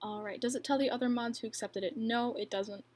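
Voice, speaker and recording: A woman's voice: on the high side, fairly even intonation, fairly quick, a little mellow. A young woman hosting a casual livestream, reading viewer questions and answering in a chatty, filler-heavy way with frequent laughs. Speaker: livestream host and bracelet maker.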